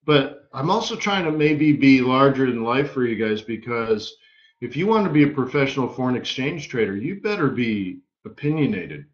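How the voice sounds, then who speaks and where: A man hosting a live trading webinar, telling stories in an energetic, emphatic way with punchy repeated phrases. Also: medium pitch, normal speed. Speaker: forex market strategist hosting a live webinar. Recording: roomy, slightly dull webinar audio.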